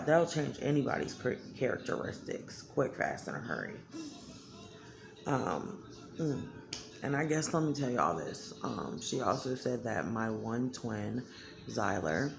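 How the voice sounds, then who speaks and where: Her voice is extremely low and gravelly, with a noisy background behind it. A female vlogger addresses her audience directly on camera, frank and emotional, cursing without restraint.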